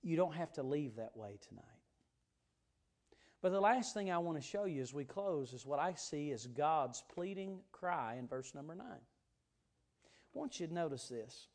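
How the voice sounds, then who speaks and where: A man's voice: fairly high pitch, animated, moderate pace, a little mellow. A man preaching an evening church sermon, earnest and emphatic, stressing and repeating key words.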